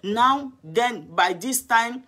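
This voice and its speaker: Husky woman giving earnest testimony. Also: a little high, animated, slow pace, a bit bright. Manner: earnest, emotional storytelling with many restarts. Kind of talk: personal testimony. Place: home in London.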